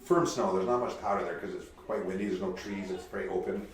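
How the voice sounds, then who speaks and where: A man, a podcast guest telling animated stories in casual chat. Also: low voice, fast talker. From Kamloops, Canada. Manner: animated anecdote teller. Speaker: podcast guest, pro mountain biker. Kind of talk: casual storytelling. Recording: echoey room.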